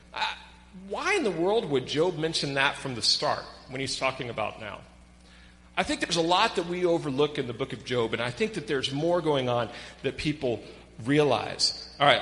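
A man preaching a sermon as pastor, reading scripture aloud with animated emphasis. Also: on the high side, in a large hall, poor audio.

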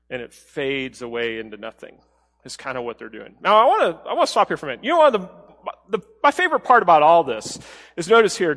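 A pastor preaches a sermon in a conversational manner, his voice sinking soft and low whenever he quotes. The sound carries the feel of a big room.

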